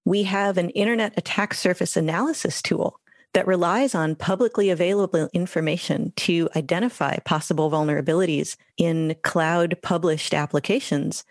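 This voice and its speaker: A woman, a guest expert on a podcast giving calm, composed explanations. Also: fairly low pitch, no room sound, studio quality. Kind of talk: interview answers.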